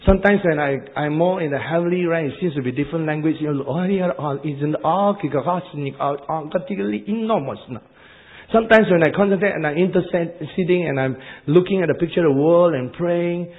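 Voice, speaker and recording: Brief: Asian-accented male preacher, fairly high voice, lively sermon, dull archival recording. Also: a little fast. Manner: animated, repeats words, laughs at own jokes.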